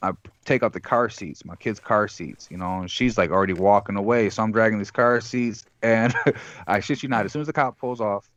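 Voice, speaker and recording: With a fairly quick delivery, this Michigan caller guest rambles through a long story full of swearing, acting out each person he mentions. His lowish voice has a fairly bright tone, and the audio is dull but free of echo.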